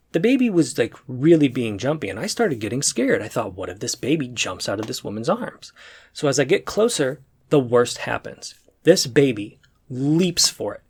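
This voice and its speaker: A young man spins a comic story straight to camera, recorded at home on a desk microphone. His voice sits a little high and swings all over, with a gravelly fry at the ends of phrases. He breaks into loud, high sound effects when the action heats up. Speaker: comedy vlogger. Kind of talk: comedic storytelling monologue to camera. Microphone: desk USB microphone.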